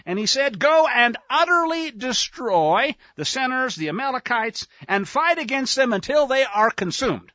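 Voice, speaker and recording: A man's voice: very high voice, very animated, moderate pace, hardly any pauses, bright, forceful tone, no echo, muffled recording, pitched above the performer's own voice, full character voice. A man voicing a stern, sarcastic old prophet rebuking a king. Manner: sarcastic, scolding.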